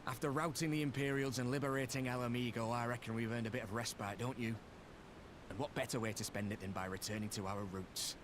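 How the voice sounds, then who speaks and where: A man's voice: medium pitch, steady tone, fast talker, noisy background, close to an everyday voice. A man with an English accent voicing a courteous young adventurer in a video game, polite and coaxing.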